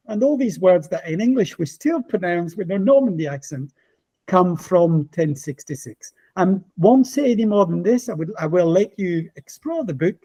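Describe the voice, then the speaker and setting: A man's voice: high voice, animated, moderate pace, mellow, poor audio. A man presenting his book to teachers in an online talk, speaking with passion and enthusiasm.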